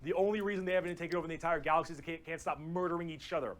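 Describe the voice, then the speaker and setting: A man giving casual, excitable, jokey explainer commentary, swearing freely. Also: fairly high pitch, racing. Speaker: explainer of a video being reacted to.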